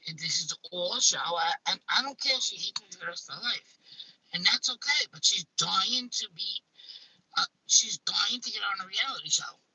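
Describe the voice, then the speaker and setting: A woman's voice: mid-range voice, expressive, moderate pace, sharp tone, low-quality recording. A woman with a Staten Island accent hosting a casual live stream. She talks bluntly, swears freely and often restarts her sentences. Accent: Staten Island, New York.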